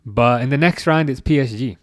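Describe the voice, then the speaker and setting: A man in his thirties hosting a live football watchalong, chatting casually and reading out comments, with a halting, restarting way of talking. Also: mid-range voice, no room sound, studio quality. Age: 30s. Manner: halting, many restarts, chuckles often.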